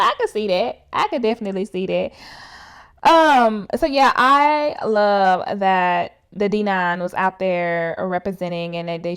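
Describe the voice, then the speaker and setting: A woman giving a casual recap of a reality show episode, talking straight to viewers in a chatty, animated way full of fillers. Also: on the low side, clean tone. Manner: speaks straight to viewers as "y'all".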